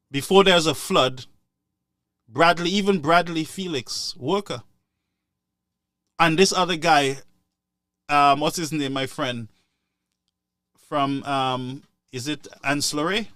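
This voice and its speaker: A man delivers heated political commentary in a high, bright voice. He scolds his listeners and hammers his points home through repetition and sarcasm. He speaks at an unhurried pace into a dry, close microphone. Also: no echo.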